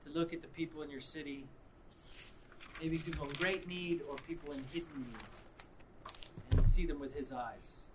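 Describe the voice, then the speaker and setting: A man preaching, mixing reflection with an animated story in which he acts out the people involved. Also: a little high, normal speed, pauses often, noisy background. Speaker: pastor. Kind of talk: sermon with storytelling.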